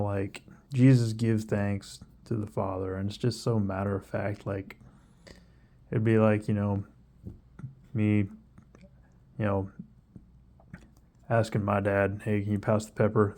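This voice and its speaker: A young man with a low, gravelly voice and a mellow, dark tone. He talks through a Bible passage in a loose, rambling way, full of fillers and asides. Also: level tone, unhurried, pauses often. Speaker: Bible reader sharing reflections. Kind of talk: casual devotional talk.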